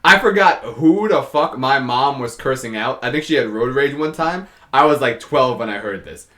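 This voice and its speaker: A man's voice: medium pitch, expressive, moderate pace, sharp tone. A young man with a New York accent, co-hosting a podcast, telling crude stories and laughing often. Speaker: podcast co-host. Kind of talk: casual chat.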